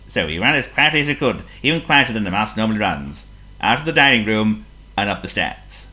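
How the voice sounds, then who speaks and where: Very deep-voiced woman reading a children's story. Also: fairly quick. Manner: expressive, playful, asks the listener questions.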